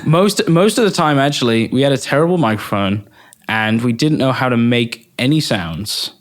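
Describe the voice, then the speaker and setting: Young English producer guest, loose chatty delivery, lots of ums and laughs, middle-range voice. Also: male voice, medium pitch, moderate pace. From England. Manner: relaxed, rambling, frequent fillers and laughs. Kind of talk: casual interview.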